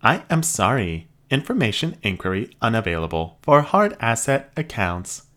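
A woman's voice: extremely low pitch, very animated, normal speed, fairly bright tone, pitched above the performer's own voice, exaggerated voice. A man voicing a prim female security robot that speaks in stiff, formal customer-service phrases. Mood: politely robotic. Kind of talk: audiobook character voice.

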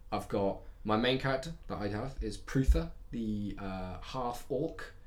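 A man co-hosting a podcast, chatting casually in an excitable, rambling way. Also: fairly low pitch, unhurried. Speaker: podcast co-host. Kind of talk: casual chat.

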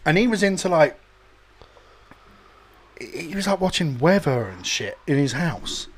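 A man's voice: on the high side, sing-song, a little slow. A young man telling crude, rambling stories in casual banter among friends, often slipping into silly voices. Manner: rambling storyteller, swears a lot, does silly voices.

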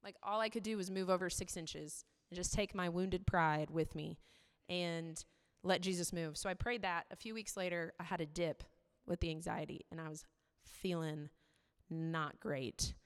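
Woman giving a chatty sermon, kinda low voice, big echoey hall. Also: steady tone, normal speed, clear, resonant tone. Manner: conversational, candid, many "like" fillers. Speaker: preacher. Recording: long reverb of a hall.

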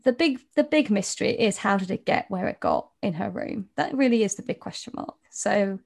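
A woman's voice: mid-range voice, lively intonation, brisk, creaky. A woman co-hosting a podcast in casual chat, giggly and self-mocking, often repeating her words. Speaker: podcast co-host.

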